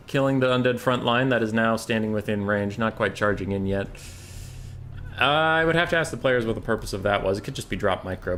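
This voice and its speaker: A man's voice: lowish voice, fairly bright tone, a little hiss or hum. Chatty young man casting a strategy game. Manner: chatty, rambling, swears casually. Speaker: game caster. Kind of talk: casual esports commentary.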